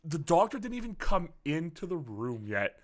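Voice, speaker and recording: A young man hosting a casual podcast, telling a story in a lively, swearing way and acting out the people in it. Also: a little high, moderate pace. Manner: animated, swearing storyteller who acts out quotes. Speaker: podcast host.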